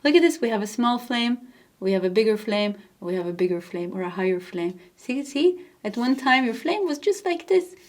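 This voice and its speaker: A woman with a Nordic accent giving a tarot card reading to camera, soft-spoken and gentle, laughing lightly now and then. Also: on the high side, big pitch swings, normal speed. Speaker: tarot reader.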